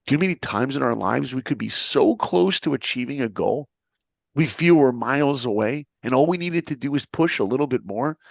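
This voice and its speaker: A man's voice: mid-range voice, gravelly, dry recording. A middle-aged man from New York, telling his own story in a motivational style and acting out the dialogue he recounts. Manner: animated, acts out the dialogue he recounts.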